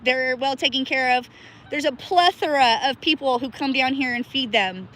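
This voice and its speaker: Bright high-voiced woman in cold river. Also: moderate pace. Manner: laughs often, chats to viewers by name. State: shivering with cold. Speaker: livestream host. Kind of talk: casual livestream chat.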